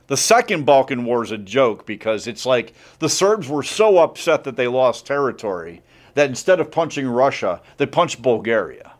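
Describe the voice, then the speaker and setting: A man's voice: medium pitch, sing-song, moderate pace. A male history teacher giving a casual classroom lecture, chatty and jokey, with lots of "like" and acted-out asides.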